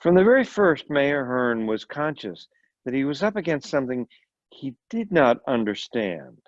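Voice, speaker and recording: A man's voice: mid-range voice, very animated, normal speed, no room sound. A man, a volunteer reader, reading a short story aloud with occasional slips and brief asides. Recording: dull lo-fi recording.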